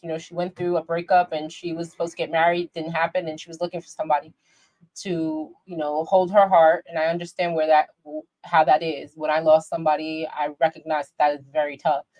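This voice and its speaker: A woman hosting a livestream reaction show, her voice sitting a touch low. She rants with brash, profane, theatrical outrage while she talks to her chat. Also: level tone, brisk, darkish tone. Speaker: livestream commentary host.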